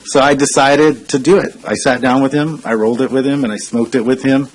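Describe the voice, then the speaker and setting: During public comment, a man in his forties who works as a consultant addresses the council from the podium, earnest and conversational, hesitating often and saying "uh" a lot. He has a mid-range, steady voice and speaks a little fast, though the audio is poor.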